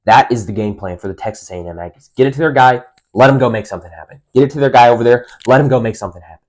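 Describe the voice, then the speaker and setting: A man's voice: medium pitch, rapid-fire, darkish tone. A man hosting a solo sports preview, talking emphatically and repeating his key points. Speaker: podcast host.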